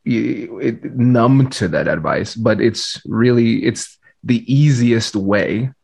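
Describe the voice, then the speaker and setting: A man hosting a podcast, talking quickly and earnestly and restarting his sentences. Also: mid-range voice, vocal fry, a little mellow, husky. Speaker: podcast host, mediator. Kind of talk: casual interview talk.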